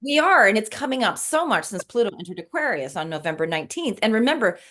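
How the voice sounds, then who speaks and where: A woman's voice: mid-range voice, sing-song, fast, sharp tone. A middle-aged woman in casual conversation, earnestly recounting a spiritual dream with emotion and many restarts.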